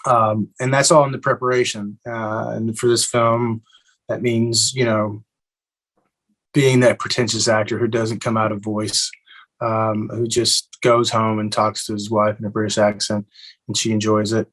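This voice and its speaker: A young adult man from Eastern Kentucky, answering interview questions in a relaxed way with many fillers and restarts. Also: on the low side, a little slow, poor audio. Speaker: actor guest.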